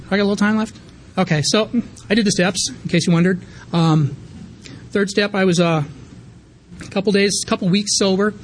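A man in his thirties tells his sobriety story at a rapid clip, candid and rambling, full of fillers and restarts. His voice sits a little high for a man. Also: darkish tone. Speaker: recovery meeting speaker. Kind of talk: personal recovery story.

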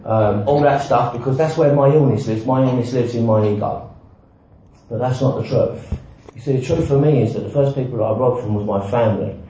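A man with a brisk, mid-range voice and dark tone tells his recovery story bluntly and with self-mocking humour, dropping the odd swear word and often saying "right?". The very echoey, dull hall recording has slight background noise.

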